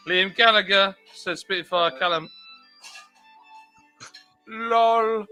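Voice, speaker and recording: A man's voice: high voice, extremely slow, pauses often, pushed and bright, clean tone, dull audio, soft background music. A man hosting a casual livestream chat, reading out viewer comments in a laid-back, chatty way. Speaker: livestream host. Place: home.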